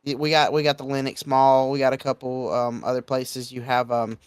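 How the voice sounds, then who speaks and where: A young adult man from Georgia, hosting a casual podcast chat and speaking bluntly, getting animated when laying down rules. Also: medium pitch, brisk, smooth, no echo. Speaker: podcast host.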